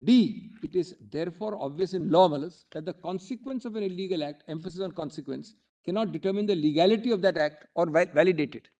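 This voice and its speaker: Man, Indian English accent, senior advocate, high voice, formal emphatic courtroom argument. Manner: formal and emphatic, often addressing the bench as my lords.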